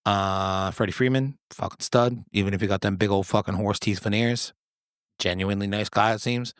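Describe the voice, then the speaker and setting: A man in his thirties talks alone on his podcast, rambling from one story to the next and swearing freely. His voice sits on the low side. The sound is close and completely dry. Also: steady tone, normal speed, clear, resonant tone, dry recording. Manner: rambling, profane, jokey storytelling with sudden high-pitched quoted voices. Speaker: podcast host. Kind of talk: casual solo chat.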